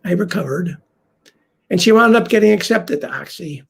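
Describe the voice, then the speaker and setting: An older man telling a heartfelt first-person story on stage, confiding and dropping to a hush for quoted lines. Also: high-pitched, animated, normal speed, vocal fry, husky.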